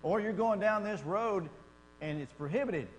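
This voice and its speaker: A man teaching a Bible class in a conversational, animated way, acting out quotes as he explains. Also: high-pitched, moderate pace. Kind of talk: church class lecture. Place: church classroom. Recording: long reverb in a church hall, faint hum.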